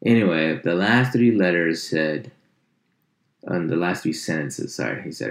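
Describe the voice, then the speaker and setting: A deep-voiced man rants for laughs, swearing nonstop and jumping into sharp mocking tones. His voice sounds low and heavy, and it bounces around an echoey room. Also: a little slow, creaky. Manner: animated, swears constantly, jumps into high mock voices. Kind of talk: profane comedic rant.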